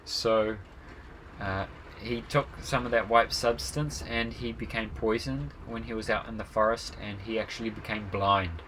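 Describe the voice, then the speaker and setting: Bright-voiced male devotional storyteller. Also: lowish voice, a little slow, slight background noise, poor audio. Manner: relaxed, with frequent fillers and chuckles.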